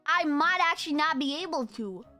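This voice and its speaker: A young woman with a Romanian accent chats loosely with her viewers, joking and full of slang. Her voice sits high and sounds bright and sharp. Faint music plays underneath. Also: expressive, normal speed. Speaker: streamer. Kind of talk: casual chat with viewers.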